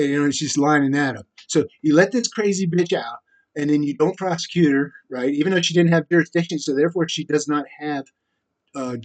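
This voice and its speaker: A man talking straight to camera in a rambling, profane monologue that keeps jumping to louder, higher bursts. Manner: rambling, profane, with sudden loud rises. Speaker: vlogger.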